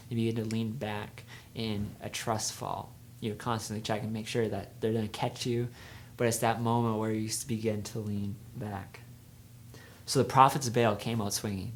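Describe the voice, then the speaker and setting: Young male youth speaker, casual storytelling sermon, energy rising and dropping. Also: medium pitch. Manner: conversational storytelling, swings from energetic to hushed.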